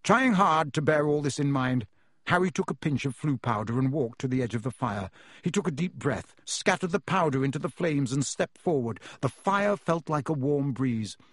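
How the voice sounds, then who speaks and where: A man reading a storybook aloud as narrator, measured and expressive, on a close studio mic. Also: medium pitch, dry recording. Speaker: audiobook narrator.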